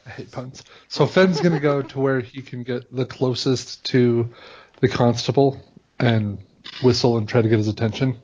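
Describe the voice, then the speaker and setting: A man's voice: mid-range voice, steady tone, normal speed, darkish tone, a little hiss or hum. Regular guy describing his character's moves at the table, muffled lo-fi audio. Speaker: player. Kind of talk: casual tabletop play.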